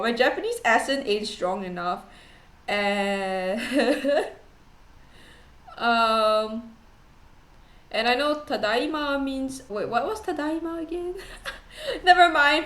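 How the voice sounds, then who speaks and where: A young woman streamer chatting casually with her viewers, rambling and giggly and quick to poke fun at herself. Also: a little high. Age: young adult. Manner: rambling, giggly, self-deprecating. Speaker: VTuber streamer. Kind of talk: casual chat. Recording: roomy echo.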